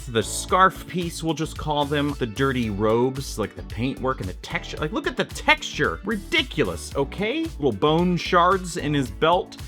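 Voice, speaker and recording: Chatty man reviewing toys, lively pitch. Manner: chatty, self-mocking, exclaims with sudden pitch jumps. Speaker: toy reviewer. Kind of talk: casual unboxing review.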